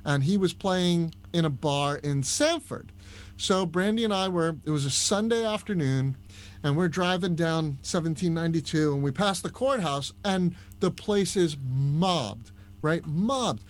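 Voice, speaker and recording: A man with a Long Island accent, a podcast guest telling stories in a casual, animated chat. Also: fairly high pitch, moderate pace. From Long Island, New York. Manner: storytelling, animated, with restarts. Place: Orlando, Florida.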